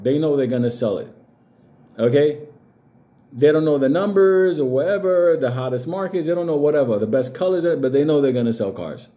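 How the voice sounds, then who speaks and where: A man's voice: a little high, dark tone. A man giving blunt, profane crypto commentary, hammering his points with rhetorical questions.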